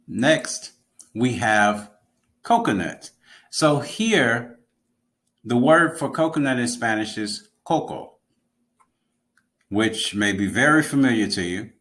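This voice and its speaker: A man's voice: medium pitch, sing-song, slow, long pauses, fairly bright tone. A man teaching an online language lesson, explaining patiently and repeating key words.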